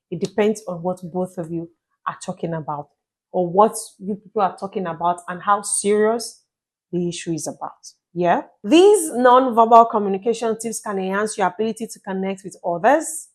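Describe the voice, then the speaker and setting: A medium-pitched woman, a relationship advice vlogger, shares tips in a chatty, lively casual vlog. She keeps asking listeners "you get my point?" and acts out little scenes with playful quoted voices.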